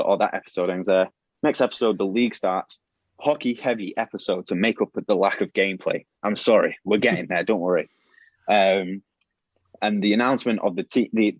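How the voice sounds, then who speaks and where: Low-voiced man rambling through a plot pitch. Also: no echo. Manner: rambling, many restarts and fillers, acts out quoted lines. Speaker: podcast host pitching a show plot. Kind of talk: casual podcast storytelling. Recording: dull, lo-fi and dry.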